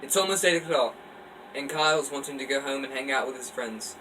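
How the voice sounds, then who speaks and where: A man casually reading his own story aloud in a relaxed, offhand way. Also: mid-range voice, a little fast. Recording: distant mic, faint air-conditioner hum. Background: faint air-conditioner hum.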